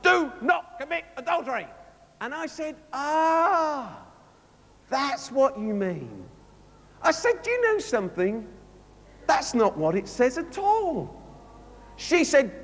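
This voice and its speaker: A man preaching a sermon, telling a story with lively storytelling and acting out both sides of a conversation. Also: very high-pitched, unhurried. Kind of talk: sermon anecdote. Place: large conference hall. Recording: long hall reverb from a live conference.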